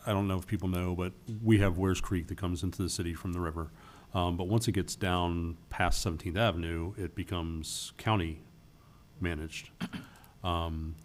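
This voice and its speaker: A man's voice: low-pitched, steady tone, moderate pace. A man on a city council giving friendly remarks with joking asides in a meeting. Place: council chamber.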